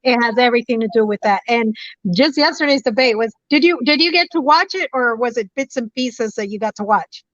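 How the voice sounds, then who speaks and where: A woman with a fairly high pitch calls in to a talk show, speaking a little fast with no echo on a dull lo-fi phone line. She's impassioned and preachy, hammering the same points repeatedly.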